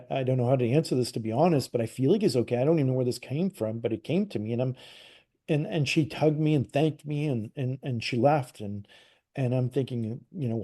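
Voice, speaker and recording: A Canadian man with a mellow, warm voice tells a personal story as an interview guest. He slips into the voices of the people he quotes and talks loosely, full of "like" and false starts. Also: mid-range voice. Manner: animated retelling, acts out quoted dialogue, frequent "like" and restarts. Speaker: interview guest, psychic medium. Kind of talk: casual storytelling.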